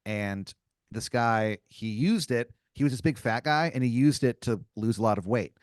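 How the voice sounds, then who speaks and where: A man's voice: mid-range voice, moderate pace, dry recording. Male comedy podcast host, loose rambling storyteller, medium voice, dry sound. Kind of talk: improvised comedy narration.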